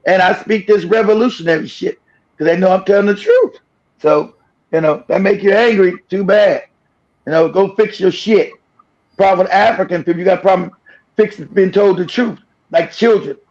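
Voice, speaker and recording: A man's voice: high voice, normal speed, darkish tone. A man hosting a streamed reaction show, speaking bluntly and profanely and laughing often. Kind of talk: reaction commentary. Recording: dull lo-fi stream audio.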